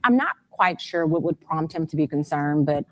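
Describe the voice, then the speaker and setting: A woman's voice: deep voice, expressive, normal speed, a bit bright. A woman speaking as an interview guest, a mother telling events step by step in detail and growing urgent and frantic. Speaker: guest, mother of a missing son.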